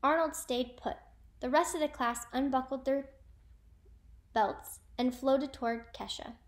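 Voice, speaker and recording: A woman teacher reading a storybook aloud to children, clear and expressive. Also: high voice, a little slow.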